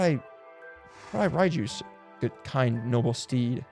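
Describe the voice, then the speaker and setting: Excitable, chatty male game streamer. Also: medium pitch, normal speed, vocal fry, long pauses, soft background music. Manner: chatty, excitable, swears and laughs often; coos affectionately at in-game animals. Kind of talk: casual live gameplay commentary.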